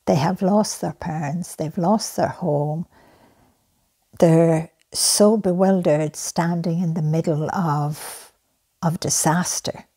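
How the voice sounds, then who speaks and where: A middle-aged woman speaks slowly and softly, with a gravelly, husky edge to her voice. Her tone is earnest and pleading as she makes a heartfelt appeal, often sinking into breathy near-whispers. The timbre is dark and mellow throughout. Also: deep voice, fairly even intonation. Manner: soft-spoken, earnest, drifting into breathy whispers. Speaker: charity founder making an appeal.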